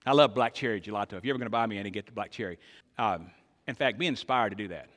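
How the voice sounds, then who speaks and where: A man's voice: on the low side, racing. Older man preaching in a long-echo hall. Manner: emphatic preacher, asks the congregation questions, swings loud and soft. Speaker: pastor. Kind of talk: sermon.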